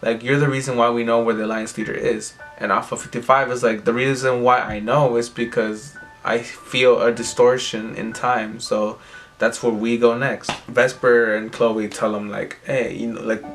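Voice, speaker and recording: A man's voice: medium pitch, little pitch movement, moderate pace, a bit bright. A man casually recapping episodes, rambling and filling his talk with "like" as he paraphrases what characters say. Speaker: recap host. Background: faint background music.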